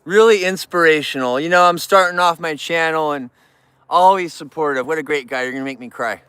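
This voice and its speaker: A man with a high, bright voice chats casually on a livestream, emotional and talkative, greeting viewers and animals by name. His voice comes through clear and crisp, with a dry, close sound. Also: a little fast, no room sound.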